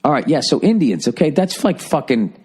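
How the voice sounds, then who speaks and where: A man's voice: fairly high pitch, big pitch swings, a little fast, a little mellow, breathy edge. A middle-aged man hosting a podcast, riffing in a profane, sarcastic, rambling monologue. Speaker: podcast host.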